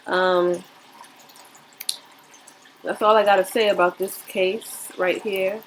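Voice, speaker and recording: A woman's voice: mid-range voice, fairly even intonation, takes it slowly, a little hiss or hum, rough recording. A woman vlogger talking to her viewers in an earnest, preachy way, often repeating her point. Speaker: commentary vlogger. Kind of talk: casual commentary to viewers.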